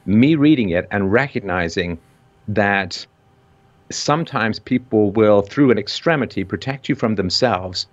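A low-voiced man with a vaguely British colonial accent speaks as a podcast host. He is emphatic and rises sharply when he stresses a point. The audio is dull and lo-fi. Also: lively intonation, a little slow. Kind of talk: intense discussion.

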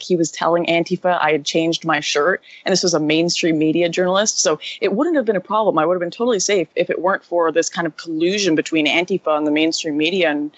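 A woman guest in an interview recounting her experience quickly and animatedly, full of "like" fillers. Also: low voice, no room sound, poor audio. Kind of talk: casual interview storytelling.

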